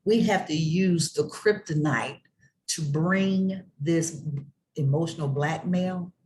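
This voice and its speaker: An emphatic motivational speaker who delivers the talk like a sermon. The voice sits in a middle pitch and builds through rhythmic, repeated refrains, with rhetorical calls out to the audience. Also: takes it slowly, darkish tone, slight background noise.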